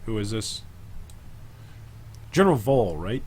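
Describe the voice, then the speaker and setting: A man streams a video game live, speaking at normal speed in an animated, medium-pitched voice. He thinks aloud in rambling, casual self-talk, tossing asides to his viewers in chat between moves.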